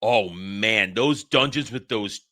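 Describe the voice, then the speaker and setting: Exasperated guy on a podcast, stumbles and restarts, really sharp tense voice. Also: lowish voice, takes it slowly. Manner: animated, exasperated, restarts often. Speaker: podcast co-host. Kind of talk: casual chat.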